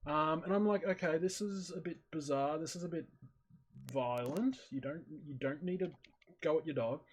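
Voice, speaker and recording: Husky, higher-voiced man retelling a story. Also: normal speed. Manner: animated storyteller acting out his own reactions. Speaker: streamer in voice chat. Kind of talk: casual chat, retelling a video. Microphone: headset or desk mic on voice chat.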